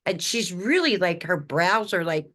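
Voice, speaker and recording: A woman hosts a relaxed podcast conversation in a somewhat low voice. She talks freely and often pauses to hunt for the right word. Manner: chatty, searching for words mid-sentence. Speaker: podcast host. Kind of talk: casual chat.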